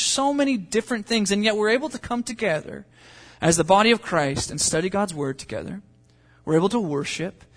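A male pastor delivers a sermon in an earnest, conversational style, full of asides and questions to his listeners. His voice sits high for a man. The sound carries a long reverb from the church sanctuary. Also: fairly bright tone. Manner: earnest, conversational preaching with fillers and rhetorical questions.

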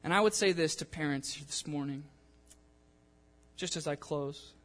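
A young man preaching a sermon in a church in a casual, animated way, acting out the people he quotes. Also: fairly high pitch, moderate pace. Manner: animated, conversational, acts out quotes. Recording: long church-hall reverb.

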